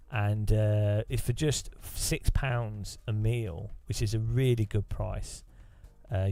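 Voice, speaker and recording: A man's voice: on the low side, gravelly, warm tone. A man voicing a smarmy male podcast host who hawks supplements in a mock-salesy, upbeat way full of filler. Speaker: streamer.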